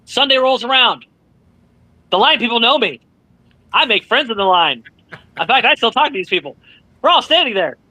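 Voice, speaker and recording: Guy telling a story on a podcast, high bright voice, swears a lot, dry sound. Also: sing-song, moderate pace, pauses often, no echo, poor audio. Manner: swears freely, acts out others' lines. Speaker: author guest. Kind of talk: animated storytelling in casual chat.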